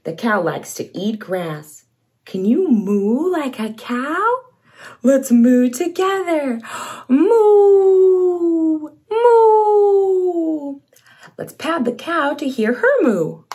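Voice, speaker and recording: A woman's voice: a little high, sing-song, darkish tone. Sing-song woman reading to toddlers. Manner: slow, sing-song, exaggerated for toddlers, imitates animal sounds. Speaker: children's show host. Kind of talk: toddler read-along lesson.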